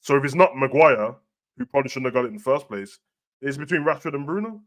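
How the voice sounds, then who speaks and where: Man, podcast host, casual football chat, slangy, animated. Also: medium pitch, fast talker. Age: adult with a young son. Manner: animated, slangy, says bruv constantly.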